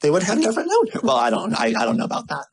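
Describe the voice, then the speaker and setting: A man giving a motivational marketing talk, animated and repetitive, telling stories with playful asides. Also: high-pitched, very fast, creaky, husky, rough recording. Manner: lively, repetitive, storytelling delivery with playful asides. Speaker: marketing speaker.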